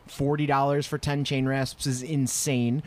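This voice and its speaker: A man's voice: mid-range voice, level tone, a little slow. A man chatting casually on a podcast, sarcastic and laughing often, swearing freely.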